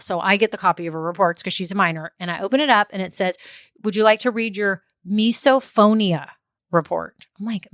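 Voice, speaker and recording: A woman's voice: medium pitch, fairly bright tone, no room sound. Chatty woman podcaster, dry sound. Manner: chatty, laughs often, goes on tangents. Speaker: podcast host and business coach. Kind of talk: casual solo podcast talk.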